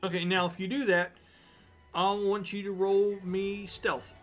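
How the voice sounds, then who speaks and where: A man running a tabletop game as game master, narrating scenes slowly and deliberately. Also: high-pitched, flat delivery, a bit bright, faint music behind.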